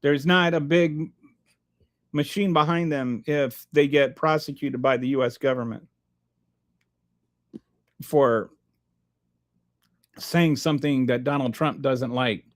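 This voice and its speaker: A man's voice: medium pitch, fairly even intonation, slow, long pauses. A man hosting a political livestream, talking sarcastically and rambling with restarts as he answers his chat. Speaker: livestream host reading chat.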